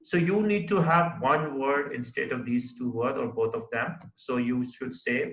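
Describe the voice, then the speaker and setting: A man's voice: mid-range voice, expressive, moderate pace, creaky, hardly any pauses, a bit bright. A man teaching a recorded lecture, who explains step by step and keeps checking understanding with "right?". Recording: echoey room.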